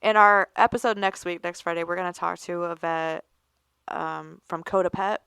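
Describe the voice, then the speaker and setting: Woman podcaster telling stories, crisp bright voice w some fry. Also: lowish voice, normal speed, no room sound. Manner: animated storyteller, acts out callers' voices. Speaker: podcast co-host. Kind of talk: casual chat.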